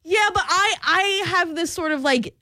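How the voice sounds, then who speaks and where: A woman's voice: extremely high pitch, measured pace, pushed and bright, no echo. A woman in her twenties co-hosting a morning radio show, chatting casually with lots of fillers and giggles. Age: 20s. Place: radio studio.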